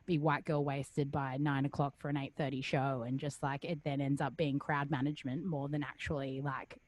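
A woman's voice: very deep voice, flat delivery, moderate pace, darkish tone. A woman chatting casually, sweary and full of fillers. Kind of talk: casual chat.

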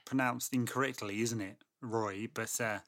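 A man's voice: medium pitch, fairly even intonation, moderate pace, fairly bright tone, no echo, clean studio sound. A man co-hosting a podcast in casual chat, wry and a little hesitant in his remarks. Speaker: podcast co-host.

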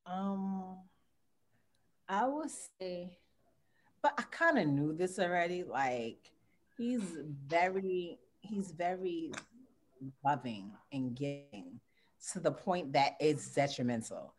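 Animated young mother telling stories. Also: slow pace. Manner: animated storyteller, acts out quotes with big pitch jumps. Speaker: interview guest, mother. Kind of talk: casual chat.

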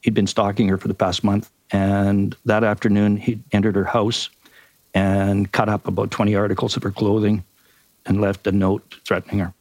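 An older man with a Canadian accent, a retired detective telling a case in a measured, methodical way on a podcast. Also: fairly low pitch, completely flat delivery, darkish tone, dry recording. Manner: measured, methodical recounting with occasional ums. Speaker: retired detective and crime writer, guest. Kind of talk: podcast interview storytelling.

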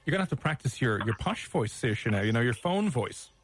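A man's voice: medium pitch, sing-song. Teasing Irish male radio host. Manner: jokey and teasing, quick to laugh. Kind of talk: casual radio chat. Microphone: studio mic.

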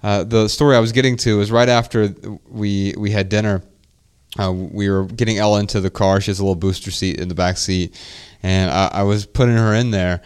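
A man's voice: lowish voice, a little fast, smooth. A man in his thirties co-hosting a podcast, telling family stories in a casual, reflective way. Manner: reflective, storytelling, animated when quoting his daughter. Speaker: podcast co-host.

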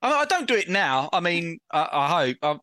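A man's voice: a little high, very animated, brisk, pushed and bright, no echo. Giggly man telling stories. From Basildon, England. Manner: rambling storyteller, laughs often. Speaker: podcast co-host. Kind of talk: casual chat.

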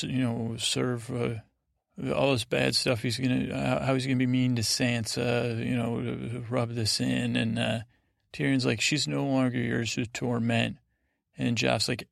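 A man's voice: medium pitch, little pitch movement, measured pace, gravelly, a bit bright, dry recording, studio quality. A man hosting a sleep podcast, rambling through a loose retelling of TV scenes with quoted lines. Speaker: podcast host.

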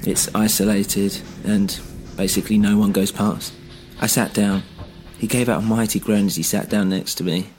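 A man narrating an audio drama in the first person with tense, measured storytelling. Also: lowish voice, fairly even intonation, darkish tone. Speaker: narrator and host.

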